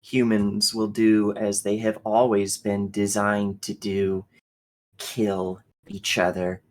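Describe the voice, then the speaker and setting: A man voicing a cold, hateful ancient female machine ruler in a tabletop role-play, with a slow, contemptuous, seething delivery. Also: lowish voice, completely flat delivery, slight background noise, low-quality recording. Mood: seething contempt.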